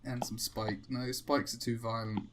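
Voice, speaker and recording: A man's voice: mid-range voice, level tone, measured pace, background noise. Guy chatting while he draws, rambly, laughs at himself a lot. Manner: rambling, self-mocking, chuckling. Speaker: host. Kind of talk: casual chat while drawing.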